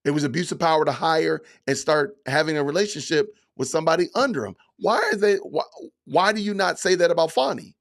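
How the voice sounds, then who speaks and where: His voice is a little high and fairly bright, with vocal fry, as he casually reads live chat on his podcast stream. Naming commenters one by one, he feigns offense with heavy sarcasm and leans hard on drawn-out words.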